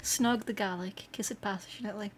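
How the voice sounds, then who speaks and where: A Scottish woman streaming live, chatting casually with viewers, excitable and quick to laugh. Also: medium pitch, very noisy. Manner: excitable and giggly, laughs often. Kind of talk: casual livestream chat.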